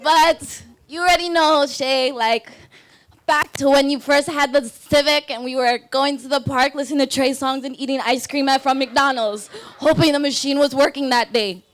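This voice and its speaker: A woman's voice: sits high, fairly even intonation, normal speed, fairly bright tone. A young woman, the maid of honor, giving a casual, rambling, heartfelt wedding toast.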